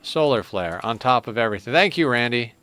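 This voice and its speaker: A man's voice: mid-range voice, expressive, a little fast. A man streaming a strategy game live, chatting casually and breaking off to coo at his cat. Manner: chatty, talks to his cat in soft baby talk. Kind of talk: live gameplay commentary.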